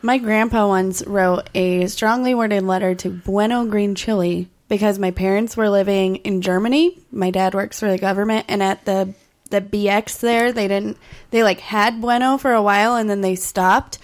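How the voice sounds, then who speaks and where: A woman's voice: medium pitch, fairly even intonation, normal speed. A woman from New Mexico with a mid-range voice, chatting on a podcast. She is playful and giggles through the talk. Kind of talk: casual chat.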